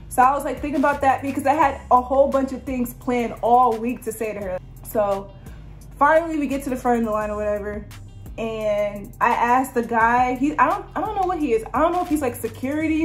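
A young woman vlogger chatting through a storytime in a casual, excited way, full of "like". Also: a little high, brisk, faint music behind. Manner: chatty, lots of "like", excited retelling.

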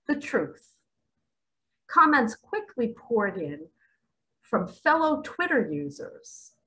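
A middle-aged woman delivering spiritual commentary with real fervor. Her bright voice swoops widely as she leans hard on her points and lingers over her words, now and then sinking to a whisper. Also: fairly high pitch, rough recording. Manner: emphatic and dramatic, at times dropping to a whisper. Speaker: spiritual vlogger.

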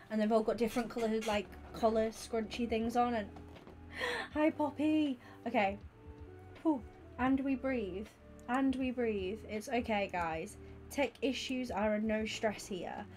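Young woman, Twitch streamer, excitable and rambling, greeting chat by name. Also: on the high side. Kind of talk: casual livestream chat with viewers.

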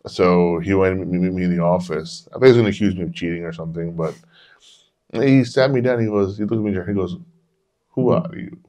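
A man in his forties with a very deep, low voice talks casually on a podcast. He rambles through candid personal stories and curses freely as he goes. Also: fast, warm tone. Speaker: podcast host. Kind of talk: casual storytelling chat.

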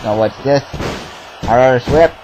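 A man giving casual play-by-play commentary on a wrestling game, excitable and swearing, shouting at big moves. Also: medium pitch, unhurried, dull audio, background noise.

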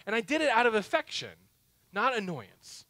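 Lively, bright-voiced man preaching a sermon. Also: sits high, moderate pace, no echo. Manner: storytelling, self-mocking humor, swings between loud and hushed. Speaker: pastor. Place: church sanctuary.

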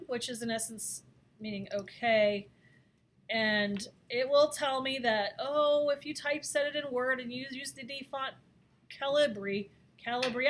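A woman teaching a design software lesson, talking through each step in a chatty way with frequent fillers. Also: fairly high pitch, slight background noise. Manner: chatty, thinks aloud with fillers. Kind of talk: screen-recorded software lesson.

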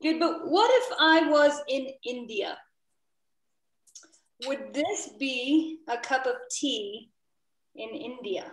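A woman from the southern United States runs an online workshop session, keeping it lively and playful as she keeps asking the group questions. Her voice sits high, and it comes over a video call from an echoey room. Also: slow pace, pauses often. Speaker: workshop trainer. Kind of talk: interactive online teaching.

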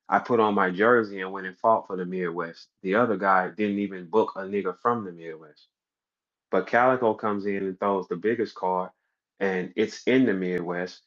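A man, running a battle rap league, rants boastfully and heatedly on a livestream, profane and brash. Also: a bit bright. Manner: boastful, brash, profane and heated, voice jumping high when he acts out scenes. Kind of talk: unscripted livestream rant. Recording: slightly dull lo-fi audio.

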